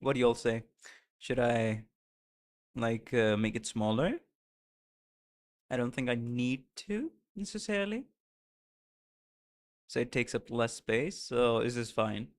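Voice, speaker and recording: A man's voice: mid-range voice, slow pace, pauses often. A young man streaming, chatting casually with his viewers, playful and often laughing. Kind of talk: casual live-stream reaction chat. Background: faint music.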